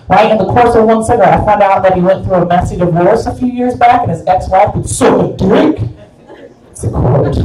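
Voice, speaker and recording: A woman's voice: fairly high pitch, darkish tone. A woman stand-up comedian telling a crude, rambling story live on stage in a club. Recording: echoey club from far off.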